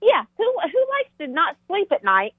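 An older woman with a Southern US accent, sharing animated faith testimony on a talk show. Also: very high voice, moderate pace, no echo. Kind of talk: Christian talk show chat. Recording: tinny phone-like line.

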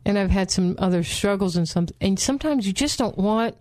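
A woman co-hosting a casual Bible study discussion, talking in an animated way and acting out quotes. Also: brisk. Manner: animated, acts out quotes with pitch jumps, laughs often.

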